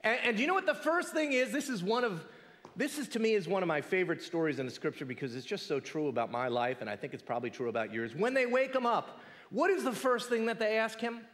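A man preaching a sermon, his voice pitched a little high and swinging widely as he fires off rhetorical questions. He drops to a hush to land a point. The sound carries a long reverb from a large hall. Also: very animated, fast. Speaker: pastor.

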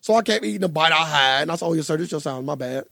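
A young man co-hosting a podcast, telling a story in a casual, animated way and swearing freely. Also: on the high side, racing, gravelly, no echo, studio quality. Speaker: podcast co-host. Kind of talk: casual chat.

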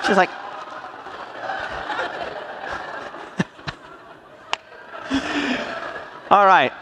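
High-voiced joking preacher in a hall. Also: male voice, animated, moderate pace, long pauses, noisy background. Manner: jokey, quizzes the audience with playful questions. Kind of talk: sermon. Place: church hall. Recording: long reverb of a large hall.

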